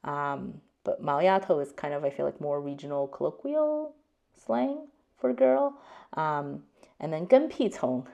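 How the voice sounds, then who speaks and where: A woman talking through a casual language lesson in a low, gravelly voice. She is chatty and unhurried, breaking words apart and explaining each piece. She fills her pauses with soft ums and likes. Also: expressive, lo-fi sound. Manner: chatty, explains word by word, many fillers. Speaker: host.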